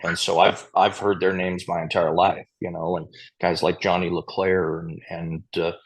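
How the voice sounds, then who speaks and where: Low-voiced man telling stories. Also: little pitch movement, moderate pace, husky. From Montana, USA. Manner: chatty anecdotal storyteller, chuckling now and then. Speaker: square dance caller, podcast guest. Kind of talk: casual storytelling interview.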